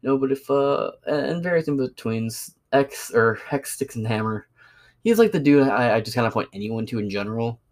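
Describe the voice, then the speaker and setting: A man's voice: medium pitch, normal speed. Profane ranting man telling a story. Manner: profane, sarcastic, animated storytelling. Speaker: podcast host. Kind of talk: casual ranting monologue.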